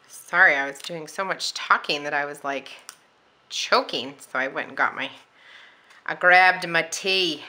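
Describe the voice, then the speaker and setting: A woman's voice: low-pitched, animated, moderate pace, pushed and bright. A woman chatting casually at home while she decorates a planner, rambling with lots of fillers. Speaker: planner vlogger.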